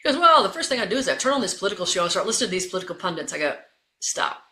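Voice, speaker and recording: Woman coach, bright clear tone, emphatic and upbeat, echoey room. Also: medium pitch, very fast. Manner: energetic, emphatic, repeats phrases for punch. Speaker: guest, leadership coach. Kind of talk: interview.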